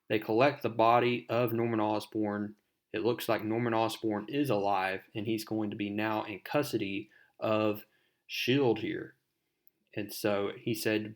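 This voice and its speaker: A man's voice: fairly low pitch, little pitch movement, a little slow. A man hosting a casual comic book recap, talking in a loose, rambling way. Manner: loose, rambling, many "I mean" fillers. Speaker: comic book video host.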